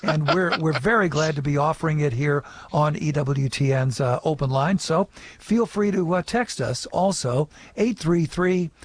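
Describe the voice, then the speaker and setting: A man's voice: fairly high pitch, moderate pace, few pauses, slight background noise. A man hosting a call-in radio show in a friendly way, reading out listener emails and phone numbers.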